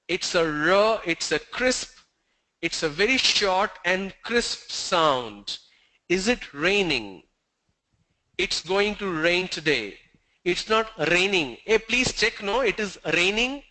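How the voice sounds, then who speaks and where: A man teaching pronunciation, slowly demonstrating sounds with repeated example words. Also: sits high, expressive, sharp tone, rough recording. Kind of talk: classroom pronunciation lesson.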